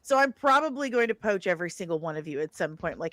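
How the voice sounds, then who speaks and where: A woman's voice: fairly low pitch, lively intonation, quick pace, a bit bright, no room sound. Playful woman guest, dry close sound. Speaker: guest artist and writer. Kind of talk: casual chat.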